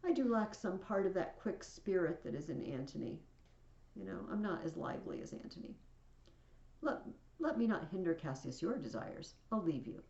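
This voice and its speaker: A woman's voice: lowish voice, very animated, moderate pace, vocal fry, dark tone, reverberant, lo-fi sound. A woman reading aloud as a reserved male Roman nobleman, in a subdued, plain manner.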